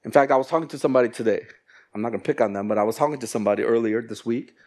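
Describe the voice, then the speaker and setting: Animated male pastor preaching. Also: medium pitch, racing. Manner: animated, acts out little quoted exchanges in shifting voices. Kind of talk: sermon. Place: church.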